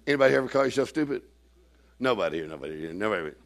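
A man preaching a sermon in church, acting out quoted people and swinging from shouting to hushed asides. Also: on the low side, expressive, very fast, vocal fry.

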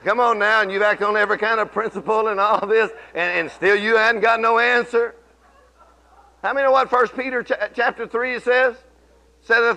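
A man preaching a sermon in church, telling folksy stories and swinging from low murmurs to shouted declarations. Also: brisk. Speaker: pastor.

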